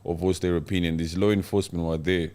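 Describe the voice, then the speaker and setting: A man's voice: low voice, little pitch movement, quick pace, warm tone, clear, resonant tone. A man hosting a live-stream podcast, talking casually and explaining the news to his co-host.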